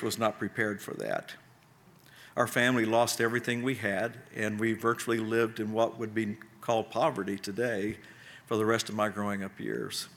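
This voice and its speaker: Bright-voiced male pastor preaching. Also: fairly low pitch. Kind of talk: sermon.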